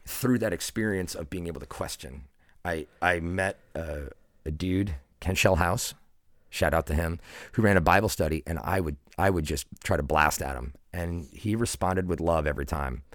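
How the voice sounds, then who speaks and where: A deep-voiced man in his forties, appearing as a podcast guest, shares an earnest, reflective personal story in casual conversation, often restarting and saying "like." He talks at a normal speed with a slightly bright tone, and the recording is dry and studio quality.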